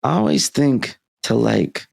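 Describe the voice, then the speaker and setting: A man hosting a solo podcast, talking in emphatic lists and switching between fast and slow delivery. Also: mid-range voice, lively intonation, creaky, a little mellow, slightly rough, dry recording. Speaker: podcast host.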